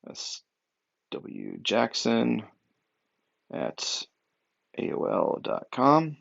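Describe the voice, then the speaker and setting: A man's voice: medium pitch, huge pitch swings, extremely slow, vocal fry, a bit bright, dull audio. A young man, an upbeat real estate technology trainer, giving an emphatic walkthrough with lots of fillers.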